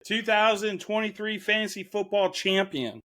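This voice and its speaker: A man with a high, pushed, bright voice speaks at normal speed as co-host of a casual sports chat show. Chatting while drinking, he's easygoing and rambling, with some swearing.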